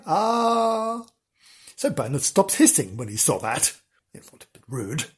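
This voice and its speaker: A woman's voice: sits low, a little mellow, husky. A woman reading a children's story aloud with playful, chatty asides.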